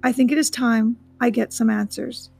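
A gentle, earnest robot mother, as a woman reading a storybook puts her on, speaking in a plain and steady way with a fairly high voice. Soft music plays faintly underneath. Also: normal speed, creaky, husky.

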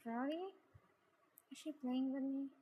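A woman reading a first-person story aloud in a plain, even way. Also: high-pitched, a little slow. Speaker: story reader.

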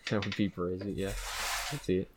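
A young man with a slightly low voice talks easygoingly on a podcast, agreeing and riffing along. A faint hiss of noise sits under his voice. He sounds loose and unhurried. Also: little pitch movement. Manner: laid-back, agreeable, laughs along. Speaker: podcast co-host. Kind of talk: casual chat.

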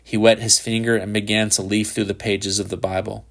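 A man narrating a literary short story in a measured, unhurried reading. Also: on the low side, flat delivery, creaky.

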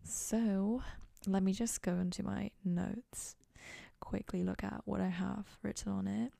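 In a mid-range, creaky, mellow voice, a young adult woman speaks a little slowly with fairly even intonation. She hosts a casual solo podcast from her dorm room, rambling in a silly, self-mocking manner, with no room sound.

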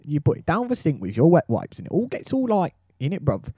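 A man voicing a gruff male sewer chief in a put-on Cockney accent, full of slang, in an improvised comedy sketch. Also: a little high, huge pitch swings, brisk, mellow, no echo, dull audio, heavily acted. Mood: blustering. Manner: slangy, blustering.

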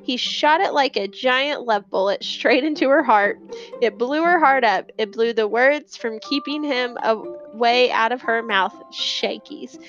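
High-voiced woman narrating a children's novel. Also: a little slow, dull audio, faint music behind. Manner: lively, puts on voices for the children. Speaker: audiobook narrator.

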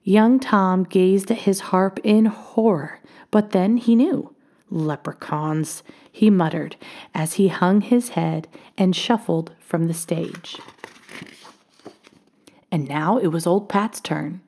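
A woman reading a children's storybook aloud, expressive and often dropping to a hush. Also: medium pitch, slow pace.

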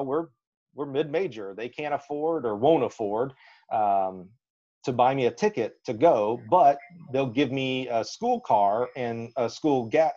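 A man from Alabama, a track and field coach, telling animated, folksy stories in a podcast interview and acting out the lines he quotes. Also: mid-range voice. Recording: slightly dull lo-fi audio.

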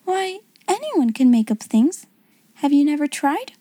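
A woman voicing a clever, imaginative young schoolgirl in a soft whispered role-play, hushed and wondering. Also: high voice, big pitch swings, unhurried, dry recording, voice pushed up.

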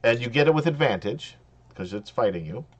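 A man's voice: medium pitch, lively intonation, brisk. A man running a tabletop game on a stream as game master, loose and joking, laughing often.

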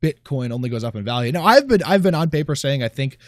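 A man's voice: mid-range voice, big pitch swings, fast talker, dry recording, clean studio sound. A man co-hosting a casual podcast chat, talking in a sarcastic, swearing way and often trailing off mid-sentence.

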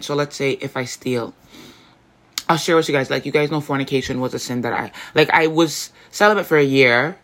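A woman hosting a faith podcast, talking in an earnest, rambling way and often correcting herself mid-sentence. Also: a bass voice. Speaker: podcast host.

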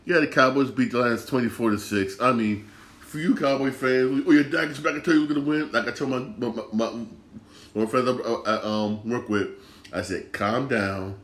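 A man with a medium-pitched, fairly bright voice speaks at a normal speed in a reverberant space. Hosting a sports podcast, he goes on a casual, frustrated rant, repeating himself and stammering as he restarts his sentences.

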